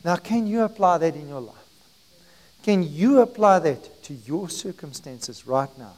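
High-voiced man preaching a sermon. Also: expressive, darkish tone, low-quality recording. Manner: emphatic preaching with swells in volume and slowed phrases. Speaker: pastor.

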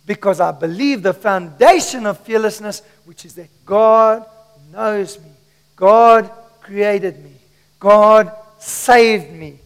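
A male pastor preaching a sermon with emphatic delivery, calling on the congregation to repeat lines after him. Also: high voice. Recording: long reverb of a church hall.

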